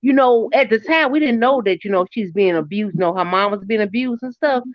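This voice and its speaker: A middle-aged woman chatting casually and telling a family story, her pitch jumping when she quotes people. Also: lively intonation, brisk, dry recording. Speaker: co-host. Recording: dry, muffled lo-fi audio.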